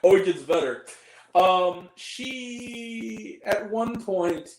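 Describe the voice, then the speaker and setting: A man's voice: high voice, drawn-out words, roomy sound, low-quality recording. A man ranting through a film review, sarcastic and exasperated, often laughing at the movie.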